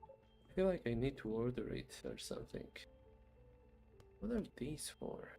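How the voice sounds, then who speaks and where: A man playing his own game on stream, muttering quiet casual commentary to himself. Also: mid-range voice, very animated, unhurried, creaky, soft background music.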